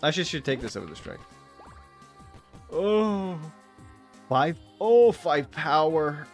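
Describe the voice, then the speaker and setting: A man's voice: fairly high pitch, sing-song, slow, faint music behind. A young man streaming a game and chatting casually, rambling and swearing with frequent laughs. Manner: rambling, profane, laughs often. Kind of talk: casual gaming chat.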